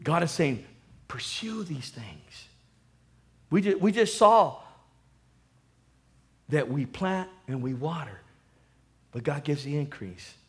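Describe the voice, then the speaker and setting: A male pastor preaching a sermon, animated, calling for amen and swinging between loud and hushed. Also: on the high side, slow pace, long pauses, husky.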